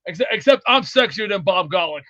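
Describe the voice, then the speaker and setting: A man hosting a rowdy sports call-in show, loud and goofy, often breaking into whooping yells. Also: high voice, expressive, a little fast, dry recording, dull audio. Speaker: sports talk show host.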